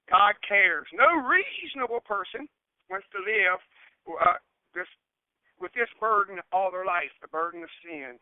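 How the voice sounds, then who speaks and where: A man's voice: sits high, no echo. A man preaching an evangelistic sermon outdoors, earnest and emphatic, repeating his key phrases. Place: outdoors in a breeze. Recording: narrow phone-like sound.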